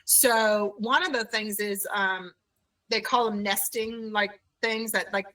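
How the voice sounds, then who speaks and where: A woman who owns a childcare center, telling her story in an animated conversational way in an interview. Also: medium pitch, slow pace, distant mic, poor audio. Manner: animated, acts out quoted voices.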